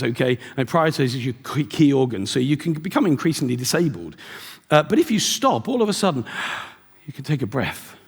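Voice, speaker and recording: Gravelly middle-aged male keynote speaker, storyteller, recorded live in a reverberant hall. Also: fairly high pitch. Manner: storytelling with acted-out dialogue. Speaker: motivational speaker. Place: large event hall.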